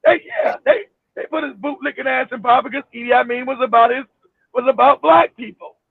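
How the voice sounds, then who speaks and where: A man rants loudly with crude, animated outbursts, his voice high and gravelly. He comes through a dry, tinny, phone-like line. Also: brisk, no room sound. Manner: loud, animated, profane ranting. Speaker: co-host. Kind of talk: casual chat.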